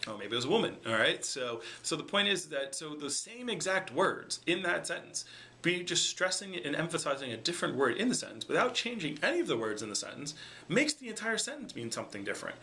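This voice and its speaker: A man's voice: fairly high pitch, sing-song, a little fast, sharp tone. A man talking casually to camera and arguing his point step by step, checking in with "okay?" and "right?" as he goes. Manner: explaining, repeats "okay?" for emphasis. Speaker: vlogger. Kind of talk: casual argumentative monologue.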